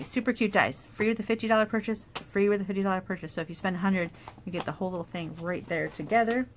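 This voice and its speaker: A woman casually showing off paper craft products in a chatty, enthusiastic way, with fillers and quick asides. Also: medium pitch, a little hiss or hum. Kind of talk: casual product show-and-tell.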